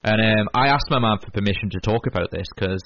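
Low-voiced man, rambling chat. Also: quick pace, a bit bright, no room sound. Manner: rambling, many fillers and restarts. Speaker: podcast co-host. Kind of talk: casual chat. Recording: lo-fi radio broadcast with faint hiss.

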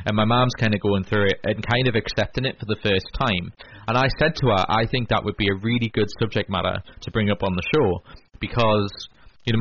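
Male co-host, deeper voice, loose rambling delivery, muffled broadcast audio. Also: a bit bright. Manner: rambling, many fillers and restarts. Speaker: podcast co-host. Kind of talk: casual chat. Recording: lo-fi radio broadcast with faint hiss.

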